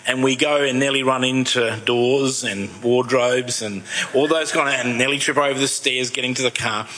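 Bright-voiced man in his sixties preaching. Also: mid-range voice, fairly even intonation, low-quality recording. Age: 60s. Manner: conversational and self-deprecating, drops soft and slow in reflective passages. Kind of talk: sermon with personal storytelling.

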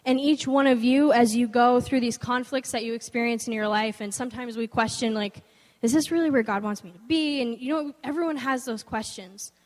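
A woman's voice: fairly high pitch, a little fast. A young woman giving an informal, earnest devotional talk, weaving in a personal story, in a conversational manner. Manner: earnest, conversational, animated when quoting others. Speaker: speaker sharing a devotional. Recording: long hall reverb.

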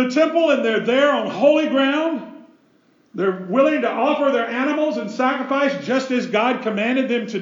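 A man's voice: very high voice, reverberant, muffled recording. A man, a pastor, preaching a sermon with emphatic delivery and rhetorical questions.

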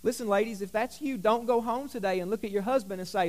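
Man with a very high voice, pastor, emphatic sermon, repeats lines for effect. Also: a little fast. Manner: emphatic preaching, repeats key lines, jokes with the congregation.

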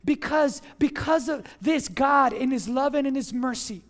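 High-voiced, impassioned preacher. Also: moderate pace. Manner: impassioned, swells to shouts and calls for responses. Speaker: pastor. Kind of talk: sermon. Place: church service.

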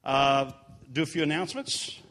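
A man's voice: on the high side, moderate pace, fairly bright tone. A man giving casual church announcements during a service in a sanctuary, earnest and encouraging with chatty asides.

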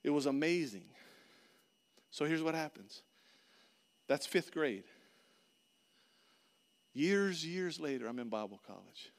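Animated man preaching with wide swings. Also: on the high side, slow pace, pauses often. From Florida. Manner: animated, swings from loud outbursts to hushed earnest tones. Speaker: pastor. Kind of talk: sermon storytelling.

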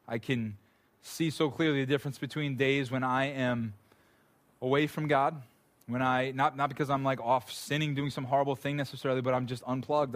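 A man with a mid-range voice gives an earnest, conversational sermon to a room full of people. He talks informally and restarts often, stacking fillers and repeated phrases as he goes. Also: mid-range voice. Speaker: pastor. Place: room with a gathered audience.

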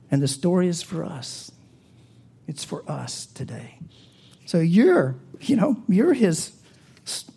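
A man preaching a sermon with an American accent, earnest and full of rhetorical questions, rising loud and then dropping to a hush. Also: sits high, slightly rough. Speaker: pastor.

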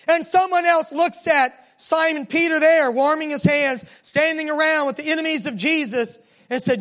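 High-pitched preacher with a Southern accent. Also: a bit bright. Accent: Southern American. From Southern United States. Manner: dramatic storytelling, slowing down and dropping low for emphasis. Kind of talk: sermon.

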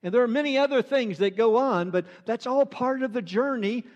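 A man's voice: very high-pitched, brisk, big-room sound, highs cut off. A man preaching a sermon as pastor, earnest and repeating phrases for emphasis.

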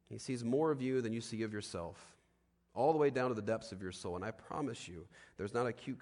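An emphatic male preacher delivering a sermon, with his voice sitting at an average pitch. He keeps asking rhetorical questions, and the sound rings with a long reverb from a large hall. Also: darkish tone.

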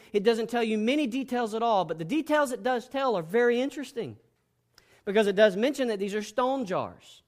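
A male pastor preaching a sermon with a loud, passionate delivery. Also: high voice.

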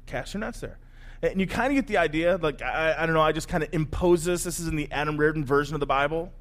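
A man pastor giving a sermon, telling the story in a conversational, animated way. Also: fairly high pitch, quick pace.

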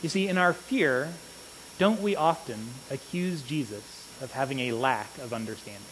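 A man preaching a sermon in an earnest manner, often checking in with the congregation with a quick "right?". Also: medium pitch, fairly bright tone. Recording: long reverb with faint hiss.

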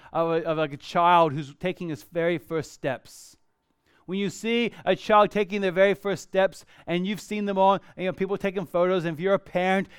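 A pastor, a man in his thirties, preaching a sermon with animated swings between loud exclamations and soft, hushed asides. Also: sits high, smooth, no room sound, studio quality.

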